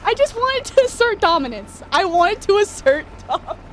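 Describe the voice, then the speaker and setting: A young woman streaming a shooter game, chatting casually, laughing and talking back to the game with sudden excited yelps. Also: very high-pitched, normal speed, a little hiss or hum. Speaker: streamer playing a shooter campaign. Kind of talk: casual let's-play commentary.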